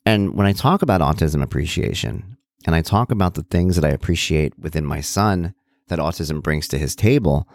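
Lively low-voiced man talking. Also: moderate pace, dry recording, studio quality. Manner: conversational, animated, many asides and restarts. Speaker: podcast host, parent. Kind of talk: solo reflective talk.

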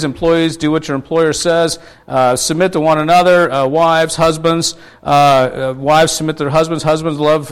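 A man preaching a conversational sermon, asking his congregation questions and restarting his sentences often. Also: fairly high pitch. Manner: chatty, asks the congregation questions; many fillers and restarts. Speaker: pastor.

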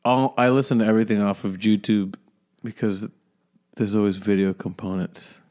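A man's voice: lowish voice, normal speed. A man co-hosting a comedy podcast, chatting casually and acting out scenes as he talks. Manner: animated, acts out scenes with voices. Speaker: podcast co-host.

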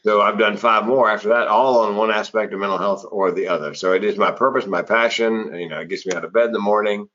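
A middle-aged man with a husky voice, a public speaker and former comedian telling stories in an interview and acting out the people he quotes. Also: on the low side, fast, few pauses. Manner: animated storyteller who acts out quoted voices. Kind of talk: conversational storytelling in an interview. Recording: slightly dull, lo-fi audio.

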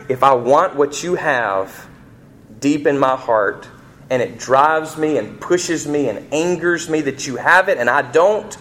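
A middle-aged man preaching a sermon, asking the congregation rhetorical questions and rising sharply in pitch and volume on emphatic points. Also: fairly bright tone. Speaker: pastor.

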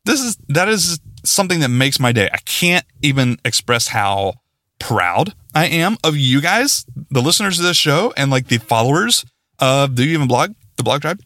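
Excitable male podcast host, lively pitch, dry close-mic sound, rambling and self-deprecating. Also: normal speed, dry recording. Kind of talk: casual solo podcast sign-off.

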